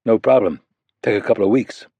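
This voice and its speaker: A man's voice: on the low side, fairly quick, warm tone, slightly rough, no room sound. A man voicing a hardened male covert operative who answers in terse, clipped lines. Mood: dry.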